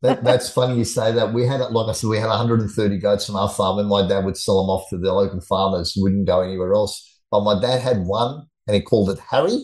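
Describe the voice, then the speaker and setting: A man in his sixties, an energetic guest expert chatting casually and telling animated stories. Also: on the low side, quick pace, few pauses, rough recording. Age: 60s. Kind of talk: casual chat.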